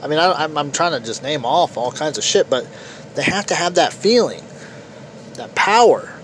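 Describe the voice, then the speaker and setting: A man's voice: fairly high pitch, expressive, brisk, a bit bright, a little hiss or hum, poor audio. A man ranting through a solo podcast monologue, repetitive and swearing freely, his voice slightly worn. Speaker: podcast host.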